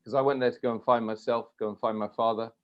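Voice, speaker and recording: A man hosting an interview, telling an animated personal story in a casual, chatty way. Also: mid-range voice, quick pace. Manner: animated anecdotal storyteller, laughs often. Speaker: host. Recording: dull lo-fi audio.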